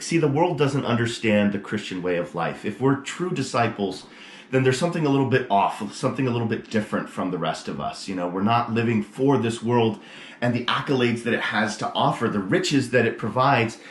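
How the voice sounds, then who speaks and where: A man, a priest, giving a short casual sermon and telling a joke in an animated way, with a camera propped on a mug. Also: mid-range voice, brisk, slight background noise. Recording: roomy echo with faint ambience.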